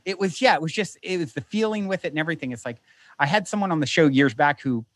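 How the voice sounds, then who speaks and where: A man's voice: fairly high pitch, fast talker, no room sound. Man telling a story, rambling, dry sound. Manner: animated, rambling, many restarts. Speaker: podcast guest who hosts his own show. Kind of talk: casual storytelling. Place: lives in a beach town.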